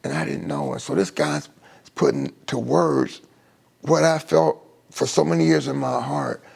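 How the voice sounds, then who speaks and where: A middle-aged man with a deeply gravelly, creaky voice tells his own recovery story live. He speaks at a middling pitch and halts often, circling back and restarting his sentences as the feeling catches up with him. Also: animated, darkish tone. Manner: halting, with many restarts and fillers. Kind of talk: emotional personal testimony on a live stream.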